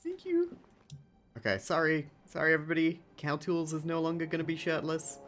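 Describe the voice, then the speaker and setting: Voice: mid-range voice, very animated, fairly quick, a bit bright. A streamer chatting casually and playfully while playing a game. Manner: playful, chatty, laughs often. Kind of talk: casual chat while gaming. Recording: background music.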